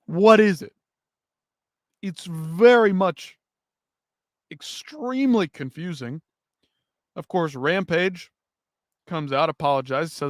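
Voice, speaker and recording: A man's voice: a little high, takes it slowly, long pauses, no echo, studio quality. A man hosting a live fight-news stream, ranting and swearing in heated commentary. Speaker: MMA news show host.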